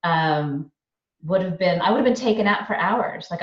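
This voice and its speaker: A woman podcast host talks through her own stories with lots of energy, voicing the people in them as she goes. Her voice sits a little low. The recording is distant and echoey, with a muffled, lo-fi tone. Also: moderate pace. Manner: animated storyteller, acts out quoted dialogue. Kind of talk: casual interview chat. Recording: roomy, distant, dull-sounding mic.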